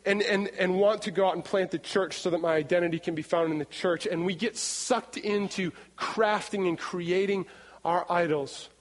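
A man in his thirties preaching a sermon in an animated way, acting out scenes and repeating words as he goes. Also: on the high side. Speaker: pastor. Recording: long hall reverb.

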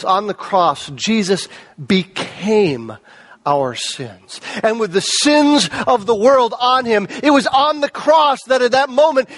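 High-voiced man preaching a sermon. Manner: conversational preaching, rhetorical questions, swings loud and soft. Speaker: pastor.

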